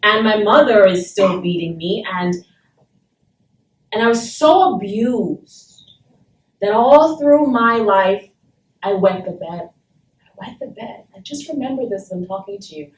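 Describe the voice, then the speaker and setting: A woman's voice: mid-range voice, measured pace, pauses often. A woman from Saint Thomas in the Virgin Islands, speaking to a university class and telling a personal story in a blunt, emphatic way, with frequent swearing. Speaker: guest speaker. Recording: roomy and distant, faint background noise.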